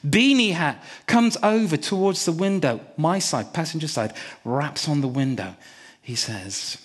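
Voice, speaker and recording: A man's voice: a little high, lively intonation, measured pace, husky. A man preaching a sermon, telling a personal story and hammering key words through repetition. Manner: emphatic, repeats key words.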